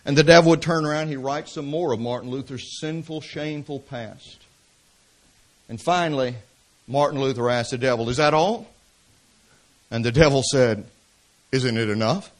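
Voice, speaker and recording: A man's voice: medium pitch, steady tone, moderate pace. A man with a Southern American accent from Atlanta, preaching a sermon as pastor, mixing emphatic exhortation with storytelling asides. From Atlanta, Georgia, US. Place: church service.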